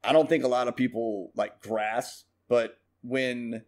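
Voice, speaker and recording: Male podcast co-host, mid-pitched, rambling and profane, animated storyteller. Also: measured pace. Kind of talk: casual chat.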